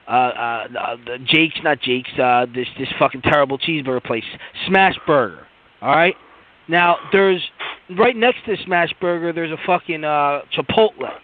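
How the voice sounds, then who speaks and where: A man telling a long, profane, rambling story on a podcast, full of fillers and restarts. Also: on the high side. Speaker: podcast co-host. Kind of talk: casual storytelling rant. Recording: tinny phone-like line.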